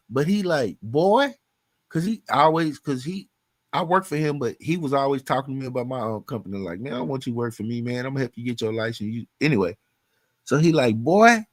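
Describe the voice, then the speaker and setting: A man's voice: mid-range voice, lively intonation, a little fast, no echo. A man from Louisiana talking in casual chat as a podcast guest, swearing freely and acting out the voices in his stories. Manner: profane, storytelling, acts out quoted voices.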